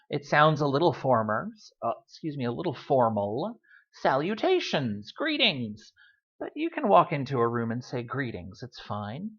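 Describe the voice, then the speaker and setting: A woman teaching a beginner Spanish lesson in a relaxed, chatty way, with frequent "um"s. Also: low voice, slightly rough. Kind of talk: recorded language lesson. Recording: dull lo-fi recording.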